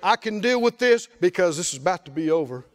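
A male pastor preaching a lively sermon, often laughing and calling out to the congregation. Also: high voice, quick pace. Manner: animated, laughing, call-and-response preaching.

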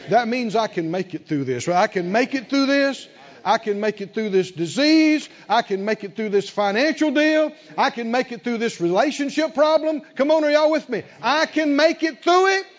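A man's voice: very high-pitched, expressive, moderate pace, long reverb tail, highs cut off. A man preaching a sermon, emphatic and calling out to the congregation. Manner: emphatic, call-and-response preaching.

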